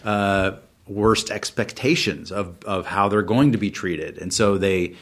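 Man, low voice, casual podcast talk, thoughtful, hesitant, lots of ums and restarts. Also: unhurried, fairly bright tone. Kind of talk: casual conversation.

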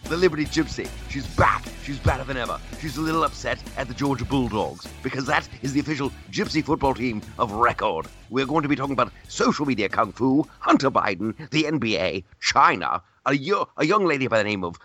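A man's voice: mid-range voice, lively intonation, fairly quick, few pauses, sharp tone, soft background music, voice pushed up. A man putting on a pompous English wartime announcer. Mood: mock-grand. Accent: put-on English. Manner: grandiose, mock-formal broadcast delivery.

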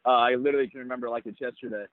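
A young man, a baseball prospect, telling his story in an interview in a halting way, with many restarts. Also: medium pitch, fairly even intonation, dry recording. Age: young adult. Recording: tinny phone-line sound, dry.

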